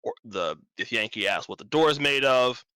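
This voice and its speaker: Bright, dry-voiced male game master. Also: mid-range voice, animated, normal speed, clean tone, dry recording, low-quality recording. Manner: rambling, casual, self-correcting. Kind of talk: narrating a tabletop game stream.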